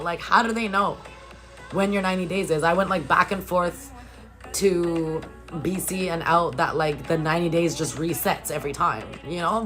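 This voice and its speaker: This casual hotel-room vlog features a young woman with a fairly low-pitched voice, animatedly chatting with viewers, reading out their questions and swearing a lot. The audio quality is poor.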